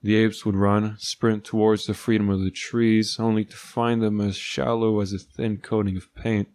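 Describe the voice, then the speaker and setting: A man's voice: on the low side, little pitch movement, moderate pace, a little mellow, no room sound. Dry, sardonic male narrator. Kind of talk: first-person story narration.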